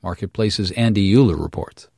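A man anchoring a radio business news program, reading headlines briskly and chatting with a lightly wry touch. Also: deep voice, creaky, mellow, slightly rough, no echo, clean studio sound. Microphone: studio microphone.

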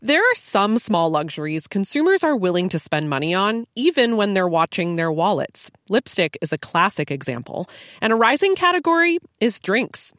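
A woman radio reporter delivering a scripted news story in a crisp, expressive way. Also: medium pitch, normal speed, no room sound, studio quality.

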